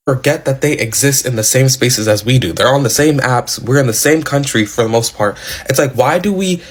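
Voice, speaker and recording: A man giving outspoken, animated commentary in a casual social media style. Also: medium pitch, fairly quick.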